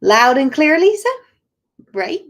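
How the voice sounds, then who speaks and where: A woman coach chatting casually to viewers on a live stream, earnest and encouraging, with halting speech and frequent restarts. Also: high voice, very animated. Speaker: spiritual coach and oracle card reader.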